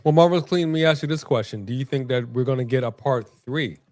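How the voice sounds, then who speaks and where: A man from Los Angeles co-hosts a live wrestling watch-along, calling each move and trading jokes with his co-host. His voice sits at an ordinary middle pitch. The sound is close and dry, with no room around it. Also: quick pace, a little mellow, dry recording. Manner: joking, calls the action, playful banter. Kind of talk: casual live-stream commentary.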